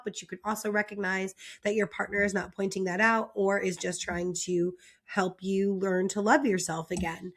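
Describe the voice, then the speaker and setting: Chatty young woman recapping reality TV. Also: medium pitch. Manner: chatty, frequent "like" fillers, exasperated. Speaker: reality TV commentator. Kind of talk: casual opinionated recap.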